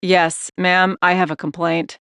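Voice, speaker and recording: A woman puts on an eerie older male caller for an audiobook, his voice deep and gravelly, slow and controlled with a menacing edge. He comes across low and dry, close to the mic with no room around him. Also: level tone, fairly bright tone, no room sound. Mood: ominous.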